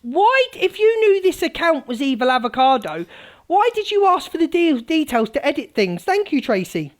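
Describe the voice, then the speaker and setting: A woman hosting a live stream, ranting scathingly at rivals, mocking them and swinging from loud outbursts to low mutters. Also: very animated, normal speed. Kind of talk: heated live-stream rant.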